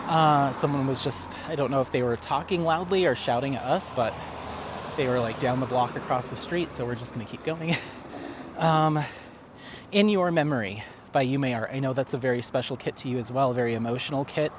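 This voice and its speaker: A man's voice: mid-range voice, brisk, background noise. A man vlogging while he walks his dog outdoors, chatting loosely and reading viewer comments aloud, with lots of fillers and restarts. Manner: talking while walking a dog. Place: outdoors on a neighborhood street.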